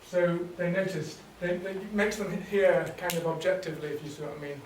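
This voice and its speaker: A man leading a teacher workshop, explaining teaching ideas in a relaxed way with fillers and restarts. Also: high-pitched, a little fast, a little hiss or hum. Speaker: workshop trainer. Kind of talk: teacher training talk. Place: workshop room. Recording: echoey room, distant mic.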